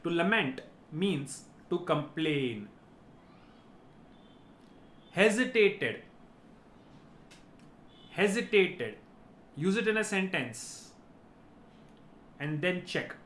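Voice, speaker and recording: A man's voice: high-pitched, animated, extremely slow, long pauses, a bit bright. A man giving a vocabulary lesson, explaining each word and checking in with "right?". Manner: explanatory, repeats key words, ends points with "right?". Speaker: teacher.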